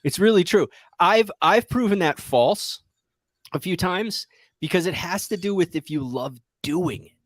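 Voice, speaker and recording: A man's voice: high voice, lively intonation, a little slow, dry recording. A man hosting a casual trading livestream from his office. He rambles, jokes at his own expense and laughs often. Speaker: trading show host.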